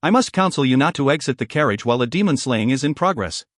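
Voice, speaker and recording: A man voicing a witty, refined male warlock gentleman who talks in a wry, courtly manner. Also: mid-range voice, animated, quick pace, no room sound, clean studio sound, close to an everyday voice.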